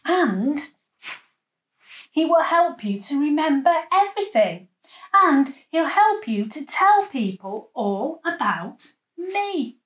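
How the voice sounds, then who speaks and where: A woman voicing a gentle Jesus. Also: sits high, sing-song, slow, reverberant, pitched above the performer's own voice, heavily acted. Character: Jesus, gentle reassuring man.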